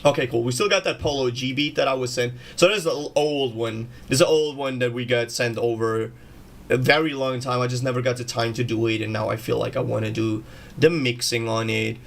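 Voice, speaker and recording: A man's voice: medium pitch, steady tone, fairly quick, gravelly. A man chatting casually on a music production livestream, slangy and swearing, calling everyone bro. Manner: slangy, swears freely, says "bro" a lot.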